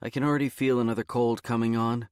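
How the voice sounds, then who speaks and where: A man's voice: medium pitch, little pitch movement, fast, darkish tone, clear, resonant tone, no room sound, clean studio sound, pitched above the performer's own voice, natural voice. A man voicing a wry, teasing young woman teacher in an audiobook. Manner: playful, teasing. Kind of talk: audiobook character voice.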